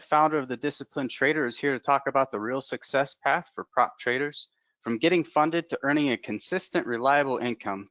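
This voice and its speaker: A man's voice: medium pitch, a bit bright, no echo. A man hosting an online trading event, introducing speakers with enthusiasm. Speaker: event host. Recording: dry, dull online call audio.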